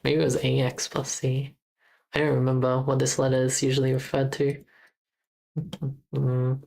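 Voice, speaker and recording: A woman's voice: very deep voice, flat delivery, normal speed, vocal fry, a little mellow, poor audio. A young Australian woman with an Australian accent, chatting casually on a livestream while she codes, thinking aloud and correcting herself. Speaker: game jam streamer.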